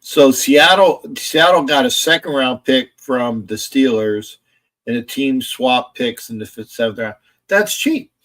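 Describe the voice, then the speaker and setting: A man's voice: mid-range voice, fairly even intonation, a little slow, a bit bright. A man hosting a casual live stream about football, rambling, reading chat messages aloud and arguing back at them from a home setup in front of a camera. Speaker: sports streamer.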